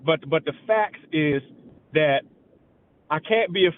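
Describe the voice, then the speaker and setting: Male caller, middle-aged, slightly high voice over a tinny phone line, emphatic. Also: measured pace. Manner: animated, emphatic fan.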